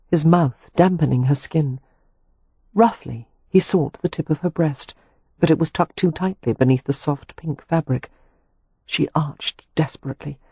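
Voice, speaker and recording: A man narrating a romance audiobook in a slow, sensual, measured reading. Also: on the high side, warm tone, husky, no echo. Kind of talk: scripted narration.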